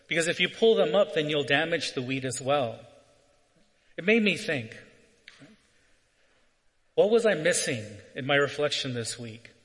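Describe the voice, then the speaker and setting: A man's voice: on the high side, fairly bright tone. A man preaching a sermon, telling a personal story and checking in with "right?" between phrases. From Southern California. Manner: storytelling with frequent "right?" asides. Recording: long reverb from a hall.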